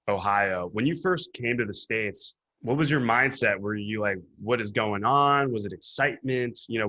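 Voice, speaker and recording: A man's voice: on the low side, sharp tone. A male podcast host asking curious, conversational questions of his guest. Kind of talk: interview questions.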